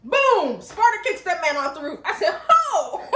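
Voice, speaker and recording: A woman hosting an animated TV recap with a high, lively voice that swoops up and down. She chats, laughs often and keeps asking rhetorical questions. Her voice echoes around a bare room. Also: moderate pace. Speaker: TV recap host. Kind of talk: casual, animated review.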